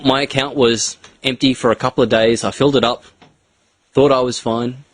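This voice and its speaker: A man's voice: medium pitch, level tone, moderate pace. A man co-hosting a casual chat, telling his story in a plain, matter-of-fact way.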